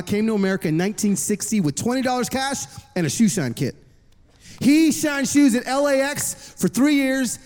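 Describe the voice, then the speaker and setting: A man preaching a sermon, telling stories with animated delivery and voicing other people's lines. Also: high-pitched. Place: large hall with an audience. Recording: long hall reverb.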